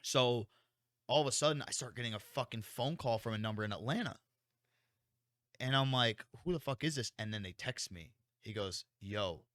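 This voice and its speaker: In clean studio sound free of room noise, a young male podcast co-host talks at a moderate pace in a mid-range voice. His casual storytelling is animated, laced with swearing, and he acts out what people said.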